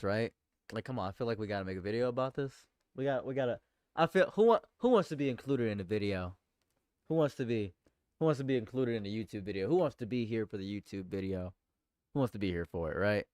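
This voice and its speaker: A man's voice: on the low side, clear, resonant tone, dry recording, studio quality. A man streaming live political commentary, reading news aloud and reacting with exasperation, often repeating himself and stammering. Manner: exasperated, swings from shouting outrage to muttering; repeats phrases, stammers and restarts.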